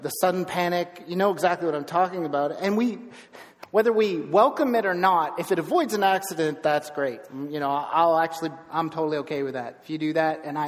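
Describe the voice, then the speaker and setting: A middle-aged man preaching a sermon as pastor, telling stories with lively bursts of emphasis. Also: a little high, in a large hall. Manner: storytelling, animated with bursts of emphasis. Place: church sanctuary.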